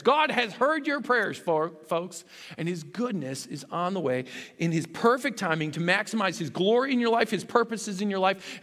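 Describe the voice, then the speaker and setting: A man's voice: high-pitched, a bit bright. A man preaching a sermon as a pastor, earnest and rising to fervent emphasis. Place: church sanctuary. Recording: long hall reverb.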